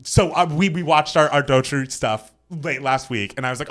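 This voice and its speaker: A young man co-hosting a live stream, gushing and animated as he chats about an awards show. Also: a little high, normal speed. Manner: gushing, animated, reads out viewer comments. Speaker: podcast co-host. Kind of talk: excited live-stream chat.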